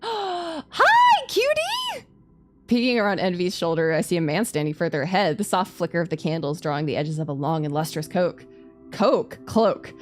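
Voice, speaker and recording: A woman's voice: low voice, fairly even intonation, quick pace, hardly any pauses, music in the background. A woman streaming a story game, reading its text aloud and breaking off into playful, laughing asides. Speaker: VTuber streamer. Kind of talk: reading a game's story aloud with live commentary.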